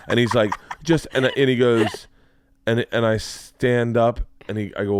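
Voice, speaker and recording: A man in his forties, a podcast host, telling a story in casual chat and acting out the quotes with lively energy. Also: medium pitch, normal speed, no room sound. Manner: animated storyteller who acts out quotes.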